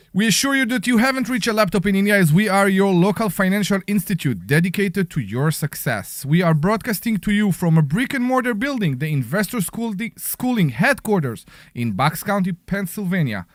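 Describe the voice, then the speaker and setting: Israeli guy hosting radio chat, jokey, high pitched, lively. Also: dry recording, clean studio sound. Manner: joking, self-mocking. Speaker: radio show host. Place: radio studio.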